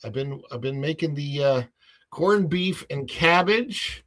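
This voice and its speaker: A man's voice: fairly high pitch, lively intonation, unhurried, fairly bright tone. A man hosting a casual livestream podcast, rambling and full of fillers and restarts, often laughing at his own stories.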